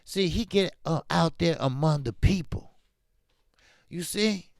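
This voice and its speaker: A man with a fairly high, gravelly voice speaks slowly, recorded clean in a studio with no echo. He hosts a casual boxing commentary livestream, animated and emphatic, often slipping into slang.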